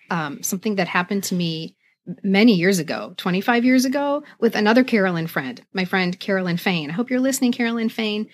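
A middle-aged woman co-hosting a podcast, telling a personal story in casual chat and acting out what she was thinking at the time. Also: medium pitch. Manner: chatty storyteller, acts out her own past thoughts. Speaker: podcast co-host.

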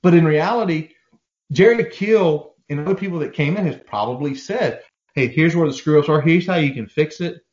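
A man co-hosting a casual sports podcast, talking in an animated, profane way and acting out quoted voices. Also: on the high side, moderate pace, lo-fi sound. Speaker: podcast co-host.

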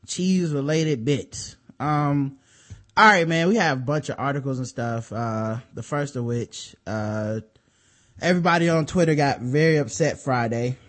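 A man's voice: medium pitch, measured pace, fairly bright tone. A man co-hosting a podcast, explaining a story in loose, profane casual chat with many restarts. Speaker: podcast co-host.

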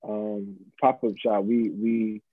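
On the low side, his voice stays level as he speaks slowly. A mid-twenties man guesting in a casual interview as a pop-up shop organizer, he reflects in a relaxed way with many fillers. The recording is dry with a tinny phone-line sound.

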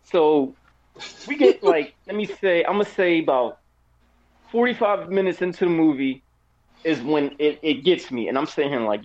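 Rambling man with hiccups, casual podcast co-host, highly animated delivery, slightly raised pitch, dull lo-fi recording. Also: moderate pace. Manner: animated, rambling, frequent fillers and restarts. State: has the hiccups. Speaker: podcast co-host giving a movie review. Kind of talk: casual chat.

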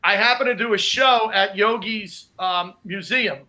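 A man, a comedian, telling animated anecdotes in casual chat, often laughing. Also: sits high, a little slow.

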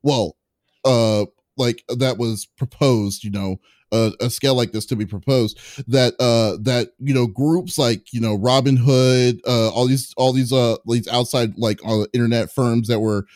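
A man chats casually on a gaming podcast, stumbling through fillers and restarts and laughing between thoughts. His voice sits at an ordinary middle pitch. The sound is dry and close, with no room around it. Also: fairly even intonation, darkish tone, dry recording. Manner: halting, full of fillers and restarts, laughs often. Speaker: podcast host. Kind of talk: casual chat.

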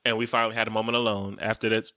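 A man's voice: fairly low pitch, flat delivery, racing, pushed and bright, no room sound, clean studio sound. A man co-hosting a podcast with his wife, casually telling a story, laughing and swearing now and then. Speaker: podcast co-host.

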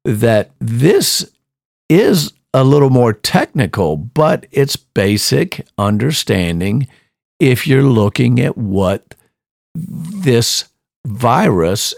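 A mid-pitched man hosts a show with emphatic casual commentary. He often repeats and restarts his words as he talks. His voice sounds dry and close, with no room echo. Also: sing-song, slow, creaky, a little mellow. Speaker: show host.

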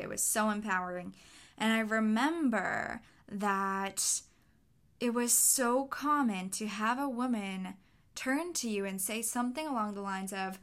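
A woman's voice: medium pitch, a bit bright. A young adult woman hosting a solo podcast, talking in an earnest, encouraging way and acting out quotes. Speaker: podcast host.

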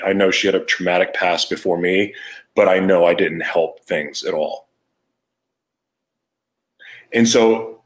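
A low-voiced man hosts his own podcast, recounting a raw personal story in a candid, emotional way. He frequently restarts and lets his thoughts trail off.

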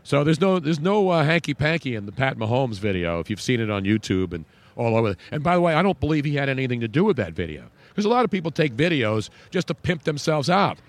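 A man's voice: medium pitch, very animated, fast. A man hosting a casual radio talk show, joking and rambling.

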